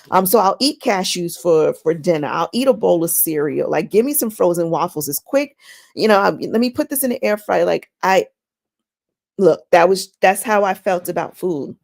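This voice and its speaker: A woman with a lowish, gravelly voice talks casually about her faith and daily life. She is chatty and animated, often doubling back to repeat words as she goes. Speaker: inspirational vlog host. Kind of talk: casual faith-based personal talk.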